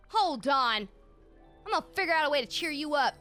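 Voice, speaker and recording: A woman streaming a video game, chatting to viewers in an excitable, exclaiming way. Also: high voice, fairly quick, faint music behind. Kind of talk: casual live-stream chatter.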